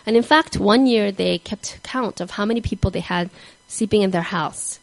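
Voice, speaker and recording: An earnest woman tells a sermon story at a middle pitch, and she sometimes sinks to a hushed whisper for emphasis. The recording is dry and close. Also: normal speed, creaky, dry recording, rough recording. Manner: earnest, drops to a soft whisper on key words. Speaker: speaker giving a devotional talk.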